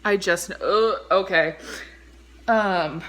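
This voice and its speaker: A young Californian woman tells a story in a slow, unhurried drawl, her voice bright and clear. She rambles and sidetracks, fills every gap with "like" and swears offhandedly. She talks into a phone she holds in one hand while cooking in her kitchen. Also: medium pitch. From Central Valley, California. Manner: rambling, easily sidetracked, heavy "like" filler, swears casually. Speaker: vlogger. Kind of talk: casual storytime chat. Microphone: phone held in one hand.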